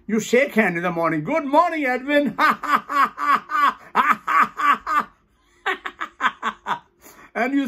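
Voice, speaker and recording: A man with a high, bright voice leads a laughter yoga session. He talks slowly and cheerfully, and often breaks into laughter and rhythmic ho-ho ha-ha chants. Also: breathy edge. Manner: cheerful, upbeat coaching.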